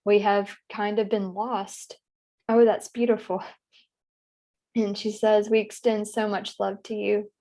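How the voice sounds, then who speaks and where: Woman client in trance, speaking slowly and dreamily, halting and emotional, medium pitch. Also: flat delivery, dark tone. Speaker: session client. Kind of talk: narrating a guided trance session.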